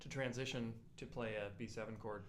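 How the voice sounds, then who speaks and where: Relaxed, playful man co-hosting. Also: medium pitch, a little hiss or hum. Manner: relaxed, playful, quick one-liners. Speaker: co-host musician. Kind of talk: casual online music lesson chat.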